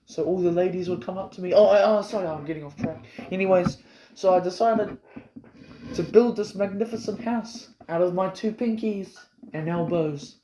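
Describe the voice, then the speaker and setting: A man's voice: high-pitched, moderate pace, a crowd in the background. A man improvising a rambling, boastful, absurd comic story, recorded in an echoey room. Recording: roomy echo with faint noise.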